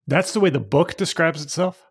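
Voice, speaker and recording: A man's voice: on the high side, a little fast, creaky, slightly rough. A middle-aged man co-hosting a casual podcast, joking and teasing himself with frequent laughs. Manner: joking, self-mocking, laughs often. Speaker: podcast co-host. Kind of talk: casual chat.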